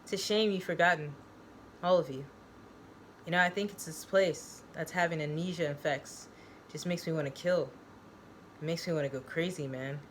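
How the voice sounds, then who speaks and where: A brash young male patient of a psych ward, cocky and full of slang, as a woman reads him aloud from her own novel. The voice sits fairly low and stays close to her everyday tone. A faint hiss of noise runs underneath. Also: normal speed, pauses often, natural voice. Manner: cocky, slangy, calls people dude and man.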